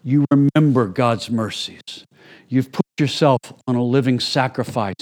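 Man preaching in a relaxed, chatty way. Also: mid-range voice, moderate pace. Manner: conversational preaching with acted-out little scenes. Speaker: pastor. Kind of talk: sermon.

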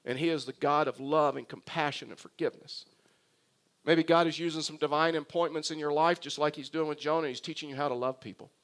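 A man's voice: on the high side, steady tone, fairly quick, a bit bright. A man preaching a sermon, speaking earnestly and repeating phrases as he addresses the congregation. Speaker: pastor.

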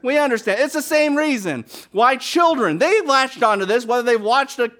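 A male preacher with a high, lively voice that leaps up and down in pitch. He delivers a sermon with big dramatic swings, punching some phrases loudly and dropping others to a hush. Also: moderate pace. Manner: animated, dramatic swings between loud emphasis and near-whispers.

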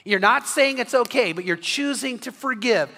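A man's voice: very high-pitched, animated, moderate pace, sharp tone, long reverb tail. A middle-aged man preaching an evening sermon as pastor, earnest and often repeating words as he starts a phrase.

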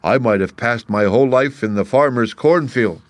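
A man's voice: mid-range voice, normal speed, dry recording, close to an everyday voice. A man doing an earnest scarecrow. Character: stuffed male scarecrow, earnest and humble.

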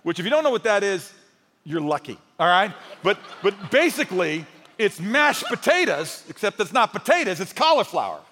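A man's voice: high-pitched, big pitch swings, moderate pace, bright, forceful tone, slight background noise. A male pastor preaching a sermon in a conversational, storytelling way, with humor and rising emphasis. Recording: long hall reverb.

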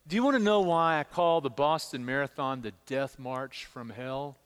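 Animated male pastor in a reverberant hall. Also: medium pitch, moderate pace, clean tone. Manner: animated storytelling, repeats words when emphasizing. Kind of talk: sermon.

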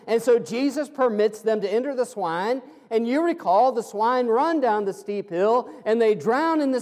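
A male pastor preaching a sermon, slowing into emphatic, pleading phrases. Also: high voice, darkish tone, big-room sound. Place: church sanctuary.

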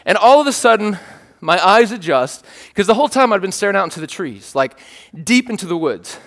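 A pastor delivers a sermon a little fast, his high, bright voice ringing through a church hall with a long reverb tail. He tells stories animatedly, cracks jokes, and checks in with the congregation.

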